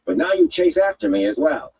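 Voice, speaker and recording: Man putting on a scornful high outcast woman. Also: very animated, a little fast, dull audio, a little hiss or hum. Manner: cutting, indignant, odd formal phrasing.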